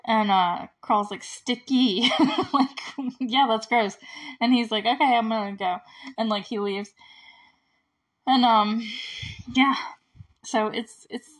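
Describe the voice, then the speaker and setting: A woman casually recapping a movie, chatty and full of "like", with small laughs and frequent throat clearing. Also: on the high side, slow pace, long pauses. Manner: often clears her throat.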